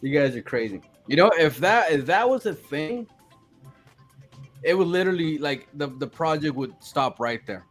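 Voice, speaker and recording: A man chatting casually on a live audio space, animated and mocking complainers in put-on voices. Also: on the high side, moderate pace, soft background music. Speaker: crypto project team member.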